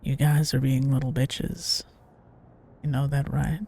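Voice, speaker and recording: A woman's voice: rumbling low, level tone, unhurried, warm tone. Chatty joking woman streamer. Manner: chatty, joking, swears, reads game text aloud. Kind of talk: casual let's-play commentary.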